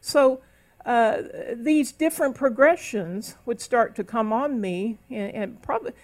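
A woman's voice: a little high, measured pace. A middle-aged woman minister preaching a sermon at a church service, sometimes speaking in tongues and rising into emphatic calls.

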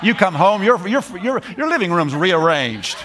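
A middle-aged man preaching a sermon, animated, repeating phrases and laughing as he drives points home. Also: high voice, moderate pace, a little hiss or hum.

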